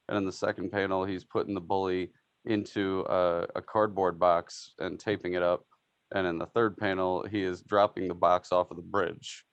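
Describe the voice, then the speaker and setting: A man's voice: low-pitched, flat delivery, moderate pace, clear, resonant tone, dry recording. A man co-hosting a podcast in a casual chat, describing memes, swearing freely and laughing as he talks. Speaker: podcast co-host.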